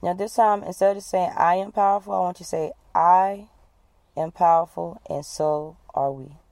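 Woman calmly guiding a breathing exercise. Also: on the low side, no echo. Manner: calm, instructive, repeats cues slowly. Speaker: wellness coach.

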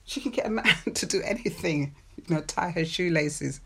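A woman hosts a podcast giving relationship advice in a playful, chatty monologue, sharing personal stories, laughing often, and drawing out stressed words. Her voice is on the low side, pushed and bright with a breathy edge.

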